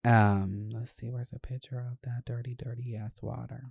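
A young adult podcast host telling stories in a casual, animated, profane way. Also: mid-range voice, normal speed, vocal fry, a little hiss or hum. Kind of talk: casual chat.

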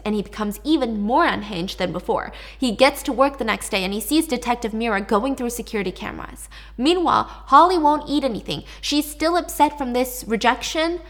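A woman's voice: a little high, expressive, fairly quick, fairly bright tone. Chatty young woman retelling a story. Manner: chatty, filler-heavy, dramatic. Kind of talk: casual story recap.

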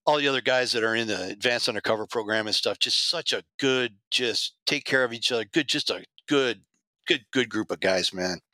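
A middle-aged man, a former undercover agent, telling animated and profane stories as a podcast guest. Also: mid-range voice, brisk, dry recording. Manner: animated, profane, acts out quotes. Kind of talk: casual storytelling.

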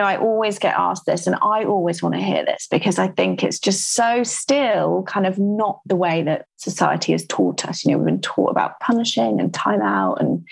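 A woman's voice: medium pitch, creaky, dry recording. A young woman hosting a podcast, asking interview questions in an earnest, conversational way. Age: young adult. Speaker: podcast host.

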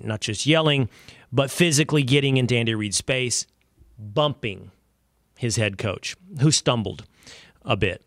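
A man's voice: mid-range voice, a bit bright, no echo. A man hosting a show, giving emphatic, conversational sports opinion commentary. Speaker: show host.

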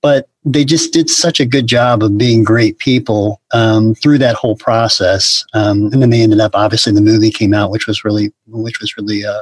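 A man who works in concert marketing and PR, speaking casually with many ums and quick asides. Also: on the low side, fairly even intonation, dry recording. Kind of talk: casual chat.

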